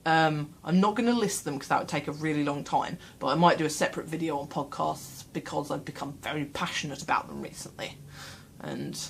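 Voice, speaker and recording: A woman's voice: sits low, very animated, a little fast, creaky, a little hiss or hum. A woman in a casual home vlog, chatting in a rambling, self-deprecating way from a small room, speaking into her camera mic. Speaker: vlogger.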